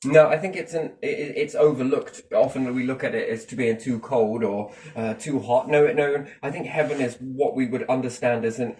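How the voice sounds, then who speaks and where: A man's voice: mid-range voice, fairly even intonation, normal speed, hardly any pauses, a little mellow, a little hiss or hum. A man rambles through his strong opinions in casual conversation, swearing now and then and restarting his sentences. His voice sits in a middle register and sounds a bit distant from the mic. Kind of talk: casual chat.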